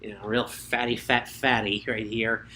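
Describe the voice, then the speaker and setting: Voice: mid-range voice, flat delivery, normal speed, background noise. A podcast host chatting casually and jokingly, rambling with fillers. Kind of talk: casual chat.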